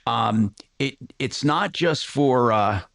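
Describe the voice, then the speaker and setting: A man hosting a call-in radio show in a brisk, folksy way, talking into a studio microphone. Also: medium pitch, animated, gravelly, a bit bright, no room sound. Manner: brisk, folksy, reads ad copy. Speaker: radio host.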